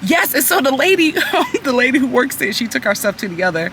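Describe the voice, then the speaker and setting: A young woman vlogger, telling a story in animated casual chat and acting out the people in it. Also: high voice, a little fast, noisy background.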